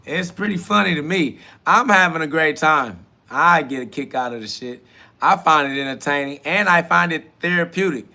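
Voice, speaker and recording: A man's voice: a little high, animated, moderate pace, gravelly, bright, forceful tone. Laughing, mocking man ranting on a live stream. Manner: laughing, mocking, profane, preachy. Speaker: podcast host reading live comments. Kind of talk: live-stream self-talk rant.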